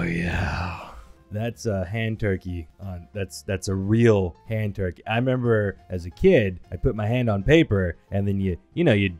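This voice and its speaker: A man's voice: lowish voice, a little mellow. A man from the United States giving casual commentary on images, laughing often and exclaiming in disgust. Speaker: reaction video creator.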